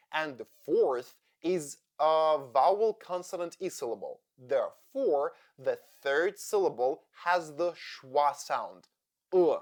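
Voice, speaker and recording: A man teaching English pronunciation in a scripted lesson, speaking deliberately and spelling out sounds one by one. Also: fairly high pitch.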